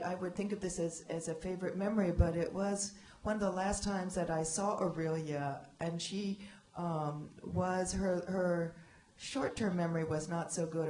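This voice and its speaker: A woman on a library panel reminiscing about a friend, talking in a halting way with many restarts. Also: on the low side, dark tone, a little hiss or hum. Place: library event room. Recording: echoey hall.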